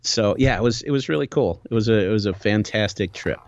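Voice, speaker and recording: A man hosting a podcast, telling a travel story in casual chat, animated and full of restarts. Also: on the low side, fairly quick, no room sound. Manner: animated, rambling with many restarts. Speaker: podcast host. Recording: dull, dry lo-fi recording.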